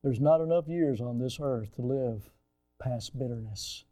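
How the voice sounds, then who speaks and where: A man preaching a sermon, telling a story with dramatic swings from loud emphasis to hushed quiet, calling his listeners folks. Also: medium pitch, a little slow. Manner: folksy, addresses audience as folks.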